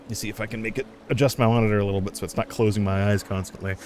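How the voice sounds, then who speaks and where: A man's voice: lowish voice, fairly even intonation, rapid-fire, darkish tone, soft background music. A man streaming a video game, chatting casually, chuckling and thinking aloud. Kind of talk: casual gameplay commentary.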